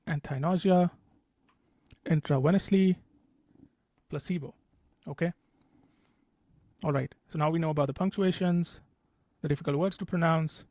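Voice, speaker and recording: Man, patient test-prep tutor, slightly high voice, dry close sound, lots of "okay". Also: warm tone, no echo. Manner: patient, repeats example sentences slowly, frequent "okay". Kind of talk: explanatory tutorial.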